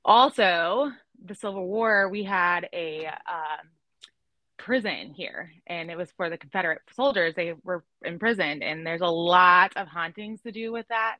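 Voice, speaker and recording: A chatty woman hosts a relaxed podcast conversation, laughing often and filling gaps with "um" and "like". Her voice sits a little low but comes across bright. The sound is dry and close. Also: unhurried, dry recording, rough recording. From Illinois, US. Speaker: podcast host. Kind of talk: casual chat.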